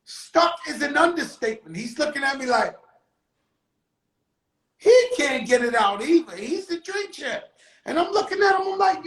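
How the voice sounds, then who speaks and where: A man hosting his own live stream, telling a story in a casual, animated and profane way, with sudden shouted bursts. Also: very high voice, moderate pace, reverberant, rough recording. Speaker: livestream host telling a story. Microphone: phone on a live stream.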